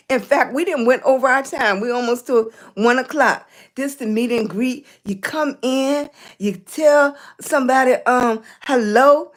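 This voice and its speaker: A middle-aged woman with a slightly high voice hosts a casual livestream, warmly greeting viewers as baby and sweetie. She sounds hoarse and keeps clearing her throat from a cough.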